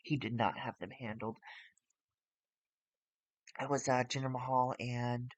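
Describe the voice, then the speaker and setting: Slow, rambling game streamer. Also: medium pitch, steady tone, no echo. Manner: rambling, with restarts and self-corrections. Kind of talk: casual commentary while playing a wrestling management game.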